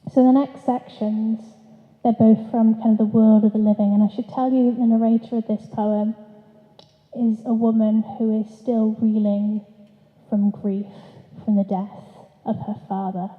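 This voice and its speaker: A woman reads her poetry aloud at a live event, slow and deliberate, her raised voice held in a flat, even line. The sound is thin and phone-like, and a long echo hangs in the hall around her. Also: fairly high pitch. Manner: measured, deliberate reading with brief asides between sections. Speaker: poet. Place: festival event venue. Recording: tinny echoey hall recording.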